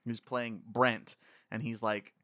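A man's voice: medium pitch, little pitch movement, slow, fairly bright tone, no echo. Guy chatting about a movie, loose and rambly, laughs a lot, dry close sound. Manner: rambling, laughs often, quotes scenes in voices. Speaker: podcast co-host. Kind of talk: casual movie commentary chat.

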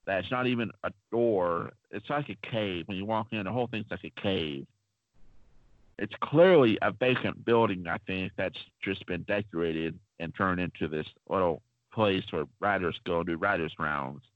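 Chatty low-voiced man, lo-fi podcast. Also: normal speed, dry recording. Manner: rambling, chatty, many fillers. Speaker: podcast co-host. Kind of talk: casual podcast storytelling. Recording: dull lo-fi dry sound.

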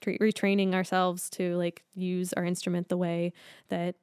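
A woman's voice: lowish voice, flat delivery, normal speed, darkish tone, smooth, dry recording, studio quality. A woman speech pathologist explaining her work in a chatty interview, filling with "like" and "um" and laughing easily. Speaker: speech language pathologist guest. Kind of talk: casual explanatory interview talk.

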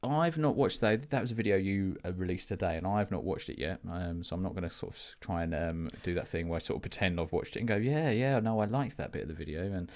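A man's voice: sits low, quick pace, hardly any pauses. A man co-hosting a podcast, chatting casually with many fillers and restarts. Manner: relaxed, rambling, many fillers. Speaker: podcast co-host. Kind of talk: casual chat.

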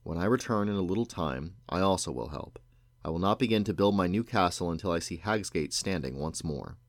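A man's voice: low voice, expressive, brisk, no echo. Man voicing a commanding young king, grave and firm, dry sound.

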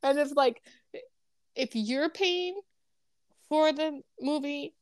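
A woman with a high, bright-toned voice chats casually as a co-host. She tells stories in an animated way and breaks into laughter often. The sound is dry and close. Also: slow pace, no room sound. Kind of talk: casual chat.

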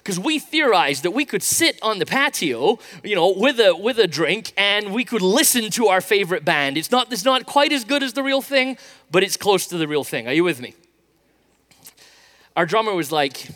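A man's voice: high-pitched, moderate pace. A middle-aged man preaching a sermon, telling a story with energy and acting out what people said. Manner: storytelling, animated, acts out quotes. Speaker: pastor.

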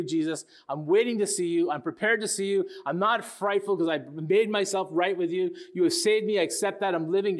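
A man in his sixties preaching a sermon to a congregation, earnest, often repeating his key phrases and asking the room questions. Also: fairly high pitch. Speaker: pastor.

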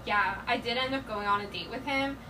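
A woman's voice: a little high, brisk, pushed and bright. A woman guest on a podcast, talking casually and rambling with many fillers. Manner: rambling, full of fillers and giggles. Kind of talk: casual chat. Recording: distant mic with background noise.

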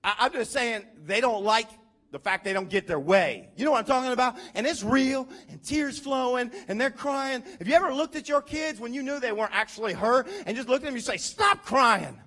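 A male pastor preaching a sermon in a conversational, animated way, calling out questions to his congregation. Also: extremely high pitch, brisk.

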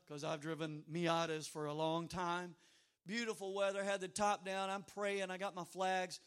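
A middle-aged man preaching as pastor, telling stories with humorous asides and sudden loud outbursts. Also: high-pitched, clean tone. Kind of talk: sermon.

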